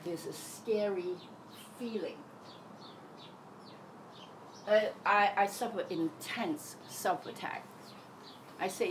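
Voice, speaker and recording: A woman's voice: medium pitch, unhurried, a bit bright, slight background noise, rough recording. A middle-aged woman talking candidly in a casual monologue about her thoughts, acting out the voices in her head. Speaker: self-help teacher.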